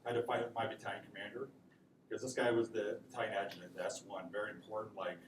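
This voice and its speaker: A man's voice: lowish voice, little pitch movement, quick pace. Casual male lecturer, distant echoey mic. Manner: casual, conversational, peppered with "right?". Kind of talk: classroom lecture with stories. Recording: echoey room mic from far off, noisy.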